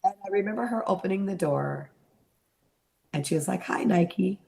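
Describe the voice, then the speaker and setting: A middle-aged woman, an interview guest, telling a personal story in an animated way and acting out the voices she quotes. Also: medium pitch, moderate pace, creaky.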